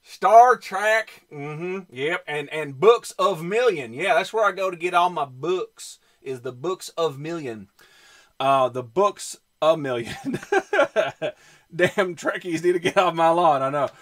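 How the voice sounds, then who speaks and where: A man's voice: fairly high pitch, expressive, slow, fairly bright tone. A man with a Southern US accent, chatting casually on a livestream and rambling through lots of fillers while he answers his chat. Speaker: streamer showing his comic collection.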